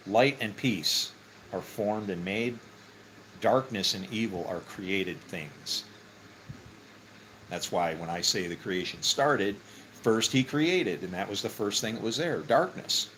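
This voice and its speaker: A man teaching scripture in a casual, conversational way, full of fillers and "okay?" check-ins, with sudden excited rises for emphasis. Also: lowish voice, a little hiss or hum, poor audio. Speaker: Bible teacher.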